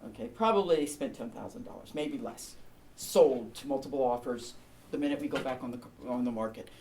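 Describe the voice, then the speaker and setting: A woman realtor presenting a home staging seminar, chatty and emphatic with quick practical asides. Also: extremely low pitch, expressive, gravelly, dark tone, a little hiss or hum. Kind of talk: presentation to an audience.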